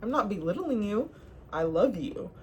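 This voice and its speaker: A young woman giving relationship advice in a sassy, animated, casual monologue to the viewer, often laughing. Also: mid-range voice, moderate pace, slight background noise. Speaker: advice vlogger.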